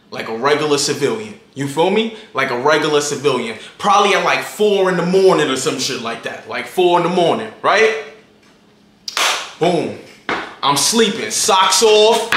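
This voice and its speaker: A man's voice: fairly high pitch, background noise. A young man telling a story to his viewers in a casual, hyped way, heavy on slang and constantly checking in with the listener. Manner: hyped, slangy, keeps asking "you feel me". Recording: roomy echo.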